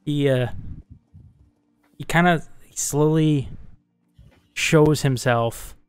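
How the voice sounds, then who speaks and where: A man's voice: on the high side, drawn-out words, clear, resonant tone, no room sound, clean studio sound. A young man narrating as dungeon master, hesitant and full of fillers. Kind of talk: narrating a tabletop game.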